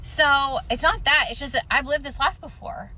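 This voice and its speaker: A woman's voice: sits high, moderate pace, sharp tone, rough recording. A woman telling a story in a casual, self-assured, chatty way.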